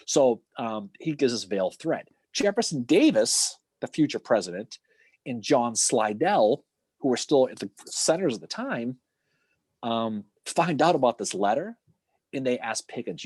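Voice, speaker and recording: A man co-hosting a casual history podcast, retelling events with lively acted-out quotes and casual swearing. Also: medium pitch, moderate pace, slightly rough, no echo. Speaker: podcast co-host.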